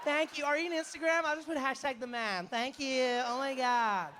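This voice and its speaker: A man voicing an overexcited tourist gushing in a stranger's home, high and breathless. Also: normal speed, pushed and bright, a little hiss or hum.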